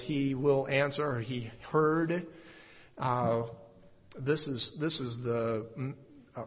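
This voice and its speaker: A man teaching a Bible passage in a halting way, with many fillers and restarts. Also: medium pitch, breathy edge. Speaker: preacher. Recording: dull lo-fi recording in a reverberant hall.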